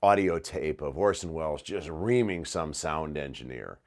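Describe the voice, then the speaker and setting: Deep-voiced man recalling a session. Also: lively intonation, normal speed, darkish tone. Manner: conversational storytelling with fillers. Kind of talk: interview recollection.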